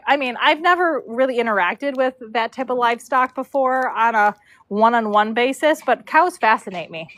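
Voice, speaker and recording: A woman's voice: high-pitched, lively intonation, normal speed, fairly bright tone. A woman in her forties who braids horses, chatting casually on a livestream, answering viewer comments and cooing to her dog in a horse barn. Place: horse show barn stall.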